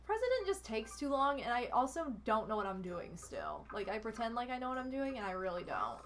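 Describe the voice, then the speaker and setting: Young female streamer, animated and teasing, bright-ish voice that swings widely in pitch. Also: a little fast, slight background noise. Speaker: streamer playing a party card game with her partner. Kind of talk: casual live-stream chat.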